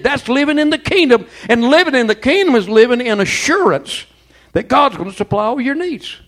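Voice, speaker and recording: A man's voice: extremely high pitch, fairly bright tone. A man preaching a sermon as pastor, fervent and folksy, peppering his talk with amens and praise. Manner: folksy, colloquial storytelling.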